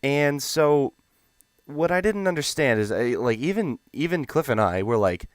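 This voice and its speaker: A young man telling a gaming story in a rambling, animated, profane way. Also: medium pitch, unhurried, no room sound, studio quality. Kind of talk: casual storytelling.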